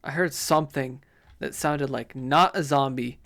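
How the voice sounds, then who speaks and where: A man's voice: medium pitch, a little slow, vocal fry, a bit bright. A man giving casual gameplay commentary, rambling to himself with mock outrage.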